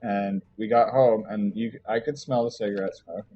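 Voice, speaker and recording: A man's voice: lowish voice, fairly even intonation, moderate pace. A young man streaming a game, telling a rambling personal story full of fillers and swearing. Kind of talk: casual rambling story while gaming. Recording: dull lo-fi mic, faint game music.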